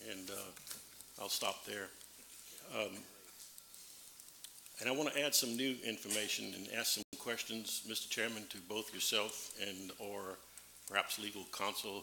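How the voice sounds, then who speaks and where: Gravelly councilman with a forceful, bright voice. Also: lowish voice. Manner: halting, reads legal text aloud slowly with many fillers. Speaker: parish councilman. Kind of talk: formal council floor speech. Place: council chamber. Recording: echoey meeting room with faint background hum.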